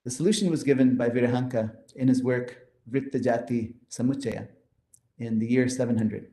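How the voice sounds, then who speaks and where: In a roomy acoustic, a man with a mellow mid-range voice delivers a math lecture at a moderate pace. Pointing to slides, he eagerly explains formulas and counts through each step.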